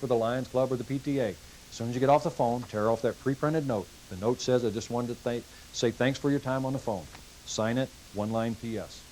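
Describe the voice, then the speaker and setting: A man's voice: medium pitch, darkish tone, low-quality recording. A middle-aged man leading a car sales training session in a folksy way, acting out calls with customers. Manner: folksy, acts out customer dialogue. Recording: hissy 1990s VHS tape.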